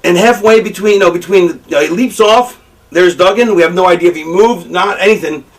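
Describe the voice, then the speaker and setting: A man's voice: high voice, a little fast, distant mic, rough recording. A man in a shoot interview explaining wrestling booking, swearing freely and acting out fans' reactions. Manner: profane, animated, acts out fan reactions. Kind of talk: shoot interview, casual storytelling.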